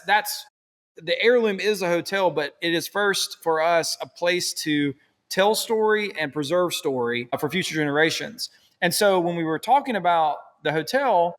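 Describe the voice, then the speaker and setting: A man's voice: a little high, fairly bright tone, long reverb tail. A man being interviewed as a podcast guest, telling his story in an enthusiastic, rambling way. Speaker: podcast guest, hotel owner. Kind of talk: casual conversational interview.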